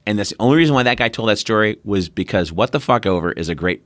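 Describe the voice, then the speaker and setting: A middle-aged man hosting a podcast, chatting casually and telling animated stories, acting out quotes in different voices and swearing freely. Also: lowish voice, fast talker, no echo, studio quality. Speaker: podcast host. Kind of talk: casual chat.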